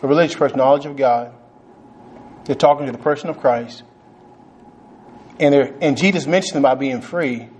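A man's voice: medium pitch, normal speed, pauses often, a little mellow, slightly rough. A man from Texas, preaching a sermon emphatically, with frequent chuckles and amens. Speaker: pastor.

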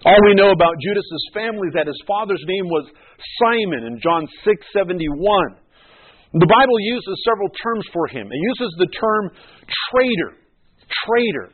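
A man preaching a sermon, emphatic, repeating key words and slowing down to stress them. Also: high voice, lively intonation, slightly rough. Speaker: pastor. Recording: tinny phone-like radio broadcast.

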